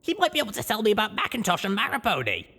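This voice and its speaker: Male reader playing a high-voiced, eager young unicorn heroine in the audiobook, earnest and bouncy. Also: moderate pace, vocal fry, slightly rough, soft background music, heavily acted. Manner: excitable, earnest. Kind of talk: audiobook reading.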